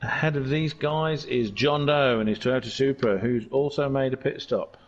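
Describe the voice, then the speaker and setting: A man giving casual, jokey commentary on an online car race, chatty and excitable. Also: mid-range voice, normal speed, muffled recording. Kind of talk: casual sim racing commentary.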